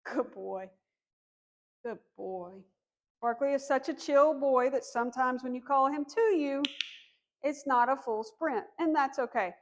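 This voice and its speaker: A woman dog trainer calmly explaining commands during a demonstration, encouraging and firm on cues. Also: high voice, moderate pace, a little hiss or hum. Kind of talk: instructional demonstration.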